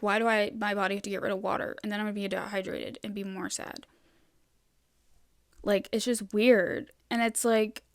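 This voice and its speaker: A woman's voice: mid-range voice, dry recording, studio quality. A young woman hosting a solo podcast, rambling casually with lots of "like" and heavy swearing. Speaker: podcast host.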